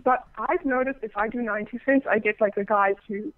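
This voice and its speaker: A woman guest chatting casually in an interview, telling lively stories and acting out quoted callers, with many fillers and restarts. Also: fairly high pitch, brisk, no echo. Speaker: podcaster and phone sex operator, guest. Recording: thin, dry phone-like sound.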